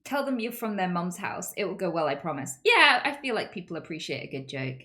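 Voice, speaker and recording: Woman streamer chatting w/ chat, bright voice, swears a lot. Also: lowish voice, brisk. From United Kingdom. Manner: animated, chatty, swears freely, reacts to chat. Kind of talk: casual chat with viewers.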